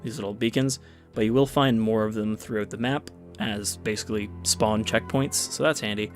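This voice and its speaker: A low-voiced man talks through a strategy game in a relaxed, offhand manner and explains each step as he plays. Game music runs clearly under his voice. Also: normal speed. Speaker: gaming video host. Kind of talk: casual gameplay commentary. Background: game music and unit sounds.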